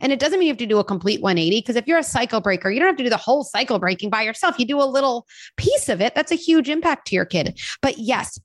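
A woman on a podcast talking about parenting and self-care in a casual, animated way, with lots of fillers. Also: a little high, quick pace, no room sound. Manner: animated, uses many fillers and acted quotes. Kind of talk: casual conversational advice.

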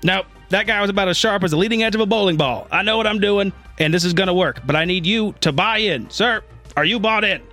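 A man's voice: high voice, fast talker, soft background music, pitched above the performer's own voice. A man voicing a hot-tempered older general who barks and curses. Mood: blustering. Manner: yelling, profane, brusque.

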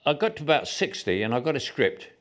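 A man's voice: medium pitch, very animated, quick pace, a bit bright. A man in his eighties with a Cockney London accent, chatting through anecdotes in an interview and laughing at his own jokes. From England. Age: 80s.

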